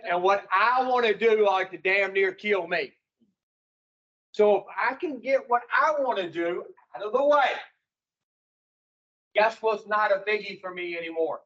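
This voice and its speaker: A man's voice: high-pitched, a little slow, pauses often, a bit bright, lo-fi sound. A man speaking to an addiction recovery group in a folksy, preaching way, putting rhetorical questions to his listeners.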